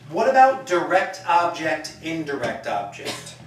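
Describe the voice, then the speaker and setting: Slow-talking male teacher in an echoey classroom. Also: a little high, wildly swooping pitch. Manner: chatty, explains with acted examples. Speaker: language teacher. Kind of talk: classroom lecture. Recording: echoey classroom, mic far off.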